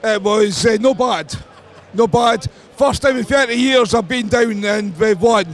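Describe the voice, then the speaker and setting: A pleased male rugby fan speaking loudly after a win. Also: high voice, unhurried.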